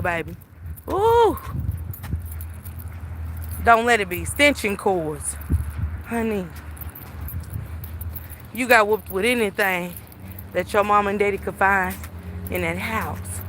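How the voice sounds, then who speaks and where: Woman, middle-aged, bright tense voice, animated, profane, storytelling, walking outdoors, phone mic. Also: mid-range voice, slight background noise. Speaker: livestream host. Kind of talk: casual storytelling chat. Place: outdoors, walking through town.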